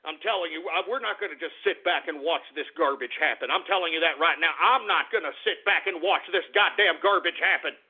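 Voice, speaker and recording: A man hosting an internet radio show, ranting angrily and cursing, swinging from low muttering to shouting. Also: fairly quick, hardly any pauses, slightly rough. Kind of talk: angry political rant. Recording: tinny phone-like internet radio audio.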